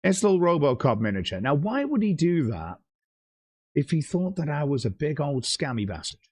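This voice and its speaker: A man's voice: on the high side, sing-song, moderate pace, husky, no room sound. A man ranting on a livestream, blunt and heavily profane, reading out chat messages. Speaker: streamer.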